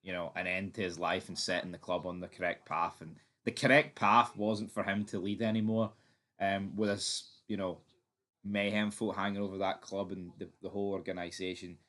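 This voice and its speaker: A man's voice: deep voice, level tone, moderate pace, a bit bright. A man hosting a fan theory channel, giving his opinion in a chatty, emphatic way with some swearing. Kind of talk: casual opinion commentary.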